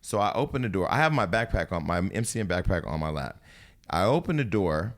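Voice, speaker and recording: A man's voice: deep voice, big pitch swings, fairly quick. A man hosting a casual talk show, telling a long personal story with lots of swearing and acted-out quotes. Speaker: host.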